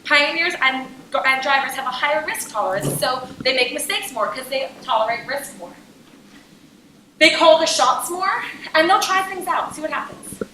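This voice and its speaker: A young adult woman giving a lively, jokey business workshop talk to a conference audience and asking them questions. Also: high voice, moderate pace, echoey room, slight background noise, rough recording. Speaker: conference speaker. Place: conference room.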